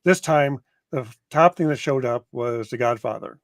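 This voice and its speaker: A man, the show's producer, calmly explaining things in casual podcast chat. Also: mid-range voice, moderate pace, no echo. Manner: matter-of-fact, explaining. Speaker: producer and director.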